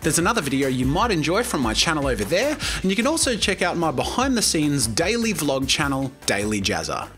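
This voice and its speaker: A man hosting a let's play video, chatting enthusiastically with quick asides to his viewers. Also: a little high, wildly swooping pitch, a bit bright, soft background music. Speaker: host. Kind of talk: game let's play commentary.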